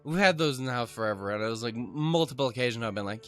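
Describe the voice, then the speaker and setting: A man's voice: mid-range voice, expressive, fast, a bit bright, soft background music. A man hosting a let's play, reading a visual novel aloud and breaking off into rambling, profane, self-mocking commentary.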